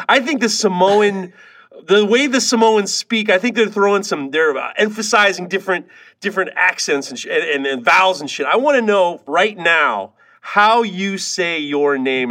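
A man hosting a podcast, loud and profane, laughing and teasing his co-hosts in casual banter. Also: high voice. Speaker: podcast host.

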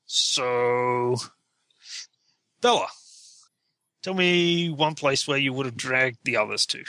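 Gravelly, bright-voiced man running the game. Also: mid-range voice, no echo. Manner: chatty, self-correcting, quick to laugh. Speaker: game master. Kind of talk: narrating a tabletop game.

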